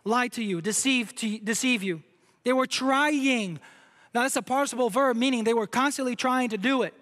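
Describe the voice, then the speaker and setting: Man from brazil preaching in a church, pretty high voice, lots of hall echo. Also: fast talker, a bit bright. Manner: emphatic preaching, asks the crowd questions. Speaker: pastor. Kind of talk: sermon. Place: church sanctuary. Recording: long hall reverb.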